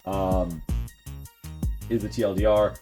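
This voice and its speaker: Low-pitched male game master, loose rambling narration. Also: steady tone, slow pace, dark tone, faint music behind. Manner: rambling, filler-heavy description.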